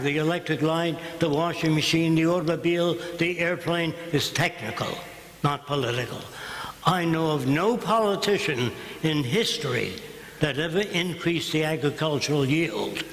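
A man's voice: fairly high pitch, fairly bright tone. An older man giving a public lecture in a blunt, combative and sarcastic way. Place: lecture hall. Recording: echoey hall, room noise.

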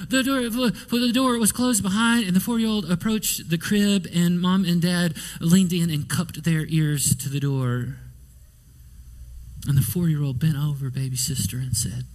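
Male pastor, fairly high voice, sermon delivery with rhetorical questions and whispered asides. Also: darkish tone. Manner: storytelling preacher, rhetorical questions, whispers quoted lines. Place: church sanctuary.

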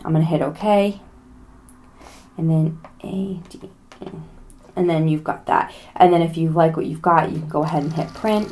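A woman's voice: low-pitched, moderate pace, pauses often, darkish tone. Chatty woman demoing a gadget. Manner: chatty, joking pleas to subscribe. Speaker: product demo host. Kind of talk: casual tutorial demo.

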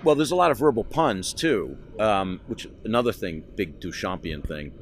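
A man's voice: lowish voice, lively intonation, normal speed, a little hiss or hum. A man answering interview questions about his work in a reflective way, with fillers. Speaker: puppeteer interviewed.

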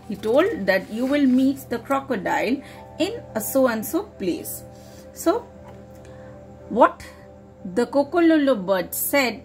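A woman teacher from India reading a story aloud to children, stopping to explain words as she goes. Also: on the high side.

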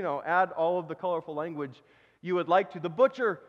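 A man's voice: on the high side, expressive, moderate pace. Conversational male pastor in a reverberant hall. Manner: conversational, self-deprecating, with restarts. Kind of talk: sermon with storytelling. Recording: dull recording with long church reverb.

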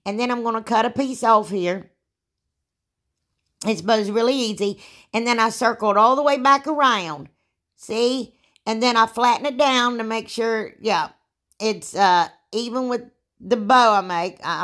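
A woman's voice: on the high side, a bit bright. Chatty woman with a sore throat. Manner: chatty, rambling, self-deprecating. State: sore throat, frequent throat clearing. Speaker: DIY crafter. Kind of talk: casual craft tutorial voice-over.

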